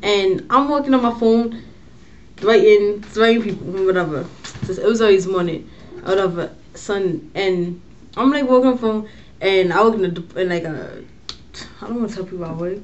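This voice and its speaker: A woman's voice: mid-range voice, moderate pace, highs cut off. Slangy young woman telling a story. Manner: slangy, animated, swearing storyteller. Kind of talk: casual storytelling vlog.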